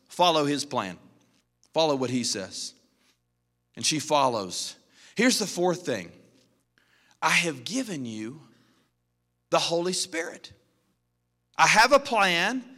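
A male pastor delivers a sermon in a bright, forceful voice, shifting from booming passages to hushed ones as he tells his stories. The sound carries a long reverb from a large church sanctuary. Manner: animated storytelling, swinging from loud to quiet.

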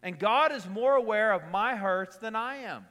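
A middle-aged man preaching a sermon in a conversational way, repeating key lines and telling quick personal stories. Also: sits high, animated, bright, forceful tone, long reverb tail. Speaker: pastor.

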